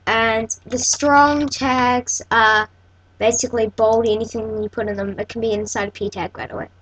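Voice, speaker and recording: A woman hosts a relaxed screen tutorial, her voice sitting a little high with a breathy, husky edge. She thinks out loud as she goes, doubling back to correct herself mid-sentence. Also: normal speed, rough recording. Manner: thinks aloud, self-correcting. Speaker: tutorial host. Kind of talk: casual screen-recorded coding tutorial.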